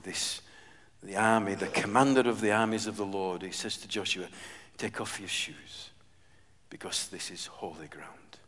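Guy preaching, gets loud then goes real quiet and earnest, long hall echo. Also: medium pitch. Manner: swings from loud emphasis to hushed, earnest asides. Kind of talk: sermon.

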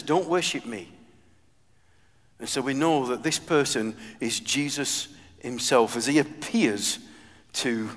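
A man delivers a sermon, pressing his points with loud emphasis before dropping to hushed, earnest asides. His voice carries a long reverb from the hall around him. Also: a little high. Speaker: preacher.

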